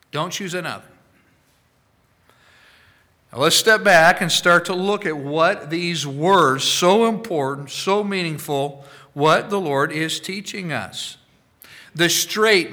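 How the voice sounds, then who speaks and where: A man preaching a sermon, slow and deliberate, with sudden loud emphatic bursts. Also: high-pitched.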